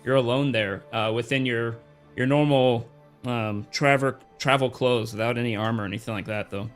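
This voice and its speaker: A man's voice: medium pitch, fairly even intonation, normal speed, clean tone, soft background music. Easygoing male game master. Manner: laid-back, chuckling, hesitant fillers. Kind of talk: running a tabletop game stream.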